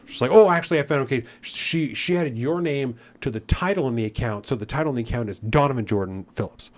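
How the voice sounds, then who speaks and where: A man's voice: mid-range voice, quick pace. Man retelling a customer service gripe. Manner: animated retelling that grows into irritated ranting; swears freely. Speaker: podcast co-host. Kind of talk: casual storytelling chat.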